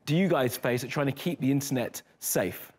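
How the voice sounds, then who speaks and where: A man's voice: mid-range voice, normal speed. A man hosting a daily news show, moving between stories in a conversational, lightly joking way and interviewing a guest. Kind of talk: studio news presenting.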